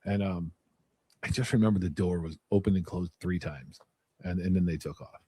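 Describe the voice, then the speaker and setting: Low husky dude, dry close sound, just telling it straight. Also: male voice, normal speed, dark tone, dry recording. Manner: candid, matter-of-fact recounting. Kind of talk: casual storytelling.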